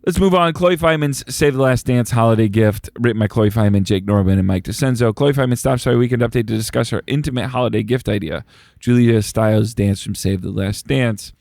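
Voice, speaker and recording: A man's voice: medium pitch, quick pace, vocal fry, a little mellow, no room sound, clean studio sound. A man co-hosting a podcast in casual chat, repeating words as he starts his thoughts. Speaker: podcast co-host.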